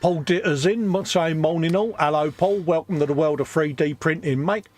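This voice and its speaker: Man, British accent, middle-aged, casual live stream co-host, easygoing, chatty, fairly high voice. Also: moderate pace. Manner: relaxed, chatty, reads viewer messages aloud with friendly greetings. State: a bit subdued after a hospital visit. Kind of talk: casual chat reading out live comments.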